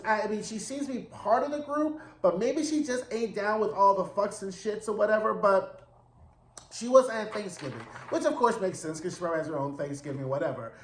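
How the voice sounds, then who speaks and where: A high-pitched man recaps a TV episode in a loose, gossipy way, with dramatic asides, plenty of "right?" and casual swearing. His voice bounces around a roomy, echoey space. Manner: chatty, dramatic retelling with frequent "right?" and swearing. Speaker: TV recap host. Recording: roomy echo.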